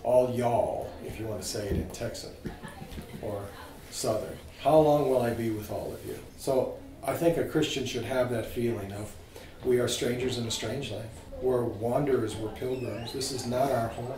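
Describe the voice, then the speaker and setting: Animated man teaching scripture in a distant, echoey room. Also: medium pitch, normal speed, a little hiss or hum. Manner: animated, asks the group questions. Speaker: priest teaching a catechism class. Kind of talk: informal Bible teaching to a small group.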